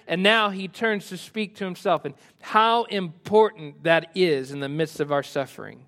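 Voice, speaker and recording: A male pastor preaching a sermon, rising to emphatic lines and dropping to soft, quiet asides. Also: high-pitched, moderate pace, hardly any pauses.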